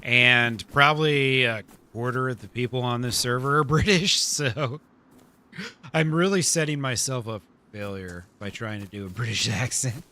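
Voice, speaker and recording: A man's voice: medium pitch, normal speed, pushed and bright. A man chatting casually while streaming a role-play game. He laughs often and pokes fun at himself. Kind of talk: casual chat while gaming.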